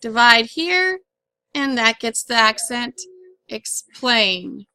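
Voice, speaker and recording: A woman's voice: high voice, measured pace, sharp tone, no echo. A woman teacher explaining syllables and accent marks in a patient, step-by-step phonics lesson. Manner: clear, patient, step-by-step instructing.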